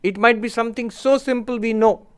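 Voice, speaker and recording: A man, a spiritual teacher giving a reflective, unhurried lecture and answering audience questions. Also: very high voice, fairly even intonation, clear, resonant tone. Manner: unhurried, reflective, lists terms slowly.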